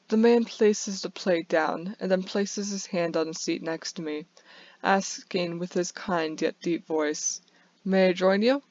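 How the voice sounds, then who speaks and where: A woman's voice: fairly low pitch, dry recording. A woman reading a first-person bedtime story aloud, with small stumbles and restarts, on a dull lo-fi recording.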